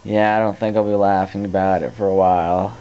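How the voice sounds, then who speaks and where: A man's voice: low voice, brisk, a little hiss or hum. Teen guy rambling on lo-fi tape. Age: teens. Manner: rambling, restarts often, animated when retelling. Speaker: vlogger. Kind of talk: casual storytelling to camera. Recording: dull lo-fi camcorder tape audio.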